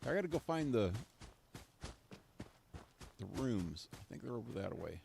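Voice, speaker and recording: Male streamer, gravelly, lively pitch, casual self-talk gameplay commentary over game music. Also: a little slow, a little hiss or hum. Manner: rambling talk to himself, easily amused. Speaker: live streamer.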